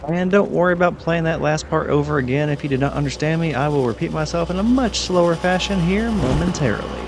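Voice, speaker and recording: A man's voice: fairly high pitch, fast, background noise. A man giving casual, chatty commentary over his gameplay, rambling and self-deprecating. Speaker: gaming channel host.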